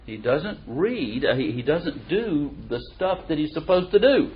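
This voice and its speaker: A middle-aged man giving a conversational sermon in a folksy, animated way, who reads verses aloud with emphasis. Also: fairly high pitch, a little slow. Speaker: preacher or Bible teacher. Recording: dull lo-fi recording.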